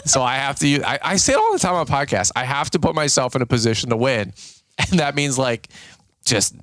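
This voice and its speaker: A man in his thirties hosts a relaxed podcast, rambling through stories with frequent laughter. His voice sits at an ordinary pitch and is recorded close and dry, with no room sound. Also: brisk, dry recording. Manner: joking, rambling, laughs often. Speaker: podcast host. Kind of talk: casual chat.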